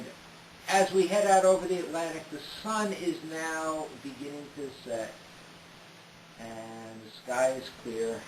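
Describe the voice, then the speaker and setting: Man telling a story in a roomy space. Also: medium pitch. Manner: detailed, unhurried telling with frequent "uh" fillers. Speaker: storyteller recounting a trip. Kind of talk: casual first-person storytelling. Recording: roomy with faint hiss.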